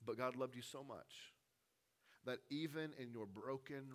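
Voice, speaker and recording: A man, a pastor, preaching a sermon, with a delivery that swings from hushed, intimate lines to loud, rising appeals. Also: medium pitch, unhurried.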